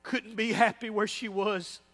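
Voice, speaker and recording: A man's voice: sits high, little pitch movement, a little slow, a bit bright. A man preaching a sermon as pastor, emphatic and repeating phrases for effect. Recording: long hall reverb.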